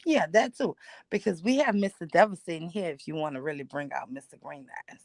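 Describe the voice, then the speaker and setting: A woman hosting a casual stream chat, telling stories loudly and teasing her guest with frequent laughter. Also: lowish voice, fairly quick, no room sound. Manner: loud, laughing, teasing storyteller.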